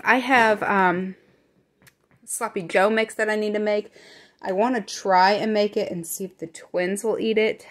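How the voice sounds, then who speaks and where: Whispering to the camera, a Midwestern vlogger, a young woman, chats loosely about her grocery haul at home, often backtracking to fix what she said. Her voice is mid-range with a fairly bright tone.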